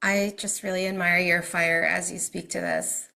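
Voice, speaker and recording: A woman hosts a podcast in a reflective, searching way, thinking aloud as ideas land with her. Her voice sits a little low yet sounds bright and forward. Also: level tone, normal speed, gravelly. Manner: warm-hearted, searching, emotional, reflective. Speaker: podcast host. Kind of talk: podcast conversation.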